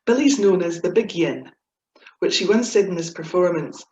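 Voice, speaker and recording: Scottish woman presenting a talk; chatty, giggly, playful asides; low-ish voice; echoey, dull video-call sound. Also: animated, normal speed, mellow, slight background noise. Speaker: webinar speaker on Scots humour.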